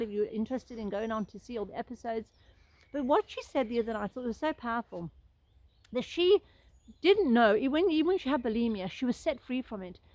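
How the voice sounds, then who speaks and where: A woman's voice: a little high, a little mellow, no echo, poor audio. A middle-aged woman sharing a Christian testimony in a casual live stream, earnest and rambling, often restarting her sentences. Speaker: Christian vlogger sharing encouragement.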